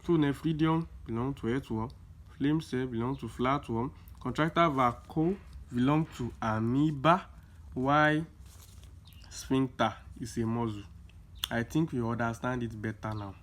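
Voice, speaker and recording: A young man, tutoring students through exam questions in a casual lesson, repeating key points with emphasis. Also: medium pitch. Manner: explains slowly with many repeats, emphatic.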